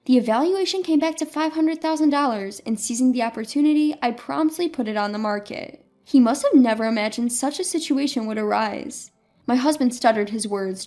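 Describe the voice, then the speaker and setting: A woman narrating a first-person story in a steady, matter-of-fact way. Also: a little high, a little fast.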